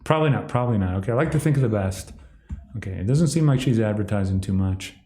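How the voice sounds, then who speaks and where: A man's voice: on the low side, animated, fast talker, warm tone. A man giving rambling solo commentary on a livestream, sardonic and mocking, sometimes slipping into exaggerated impressions. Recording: echoey room.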